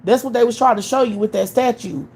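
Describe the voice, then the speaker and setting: A woman's voice: a little high, quick pace, a little mellow, breathy edge. Blunt, scolding woman ranting live. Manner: blunt, profane, scolding, full of rhetorical questions. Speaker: livestream host.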